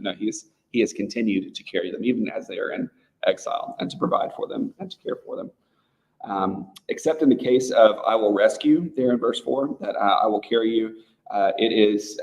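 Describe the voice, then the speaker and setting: A man's voice: lowish voice, a little mellow, rough recording. A man leading a small-group Bible study in a casual, conversational way, often checking in with his listeners. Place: church room with a men's group.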